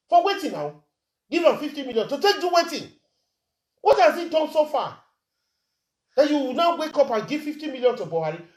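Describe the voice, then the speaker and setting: A Nigerian woman, a social media commentator, rants indignantly in an angry vlog, firing off rhetorical questions and moving between Pidgin and plain English. Her voice is high-pitched, and the room is echoey.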